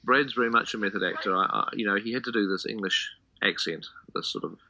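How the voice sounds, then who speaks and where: A man's voice: fairly low pitch, quick pace, bright, forceful tone, a little hiss or hum, poor audio. A man being interviewed for a documentary, recalling moments from a film shoot. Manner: anecdotal, conversational storytelling. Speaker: filmmaker interviewee.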